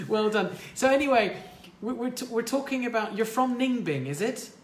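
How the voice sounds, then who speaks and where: A man's voice: very high-pitched, expressive, normal speed. A man hosting a livestream, chatting casually with callers in a friendly way, with lots of fillers and restarts. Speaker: livestream host and English teacher. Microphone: livestream mic. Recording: roomy livestream audio with faint noise.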